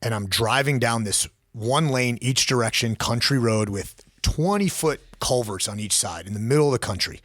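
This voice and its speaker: A man's voice: medium pitch, moderate pace, hardly any pauses, a bit bright, no room sound, studio quality. A man in his forties, a former law enforcement officer, telling a personal story as a podcast guest, blunt and raw, swearing freely.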